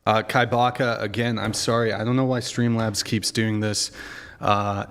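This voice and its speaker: A man's voice: on the low side, flat delivery, moderate pace, fairly bright tone, clean tone. A man hosting a livestream, chatting casually and thanking donors. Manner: casual, reads out donations. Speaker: stream host.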